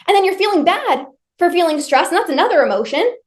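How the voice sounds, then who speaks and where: A woman's voice: very high-pitched, lively intonation, fast. A woman leading a live online workshop, speaking to her viewers directly with emphatic, repetitive phrasing.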